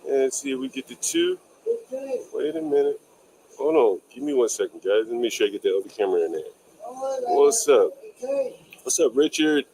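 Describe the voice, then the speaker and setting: A man with a medium-pitched voice who hosts a livestream interview outdoors, wandering between asides and casual swearing. Faint crickets and insects hum behind him. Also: wildly swooping pitch, normal speed, long pauses, warm tone, rough recording. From Washington, DC. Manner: loose, rambling, swears casually. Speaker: host, landlord interviewer.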